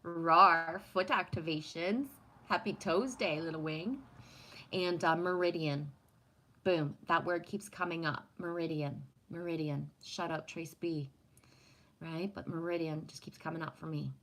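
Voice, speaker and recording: A woman's voice: lowish voice, fairly even intonation, measured pace, pushed and bright, rough recording. Profane, rambling woman from Canada chatting. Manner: profane, rambling, talks to chat. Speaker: livestream host. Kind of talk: casual livestream chat.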